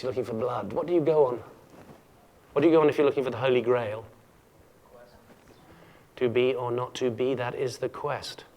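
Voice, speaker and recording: Jokey man giving a keynote lecture. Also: medium pitch. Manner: playful and jokey, with frequent stammered restarts. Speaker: keynote speaker. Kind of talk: humorous conference lecture.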